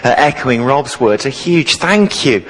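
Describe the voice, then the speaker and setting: A man preaching a sermon as the new vicar, telling lively stories from his teaching days to the congregation. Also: mid-range voice, a little slow, in a large hall, rough recording. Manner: jovial, animated storyteller. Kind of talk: sermon with storytelling. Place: church.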